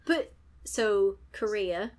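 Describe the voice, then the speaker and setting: A woman's voice: mid-range voice, drawn-out words, darkish tone. A woman co-hosting a podcast, casually recapping a TV episode, laughing often and acting out the characters' lines. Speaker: podcast co-host.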